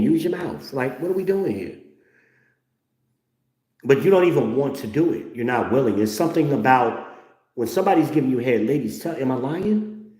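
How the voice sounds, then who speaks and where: A man's voice: medium pitch, mellow. A man hosting a livestream, talking bluntly and profanely to viewers at home in a preachy tone and calling for amens. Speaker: livestream host. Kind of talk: casual profane monologue to viewers. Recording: roomy echo.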